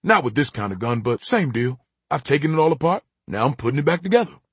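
A man reading an audiobook, voicing a gruff, guarded blind old grandfather with a terse, matter-of-fact drawl. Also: medium pitch, expressive, fast talker, no echo, voice pushed up.

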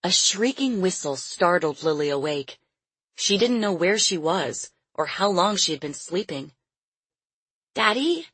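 A woman narrating an audiobook in a steady, measured storytelling manner. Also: lowish voice, slightly rough, dry recording, low-quality recording.

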